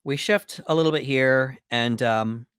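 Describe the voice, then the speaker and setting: A man co-hosting a podcast, casually recapping film scenes and acting out characters' lines with quick put-on voices. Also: medium pitch, a bit bright, smooth, no echo, clean studio sound. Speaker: podcast co-host. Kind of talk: casual movie breakdown chat.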